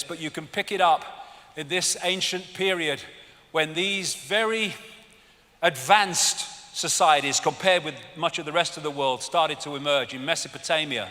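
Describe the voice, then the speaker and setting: A man's voice: a little high, pushed and bright. Ranting man in a big hall. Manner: ranting, sarcastic, swears a lot. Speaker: public speaker. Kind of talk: arena lecture. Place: large indoor arena. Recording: big hall reverb with audience.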